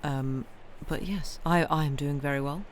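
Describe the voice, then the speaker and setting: A tired woman chats casually with her viewers from home, rambling along and filling pauses with lots of ums. She answers chat messages one after another at a relaxed, unhurried pace. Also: low voice, slight background noise. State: tired, yawning. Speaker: livestream host reading books aloud.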